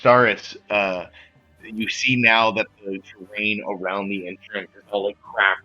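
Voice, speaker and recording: A man narrating as game master of a tabletop game, casual and halting, with many fillers. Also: fairly low pitch, level tone, sharp tone. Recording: dull lo-fi sound with faint music.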